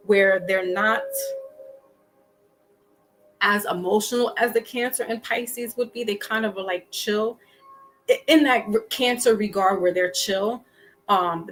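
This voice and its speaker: A woman gives a relaxed tarot reading in a chatty, loose way, stopping and restarting her words often. Her voice sits at a middle pitch, and soft music plays faintly behind her. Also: poor audio. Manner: chatty, frequent restarts and fillers. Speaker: tarot reader.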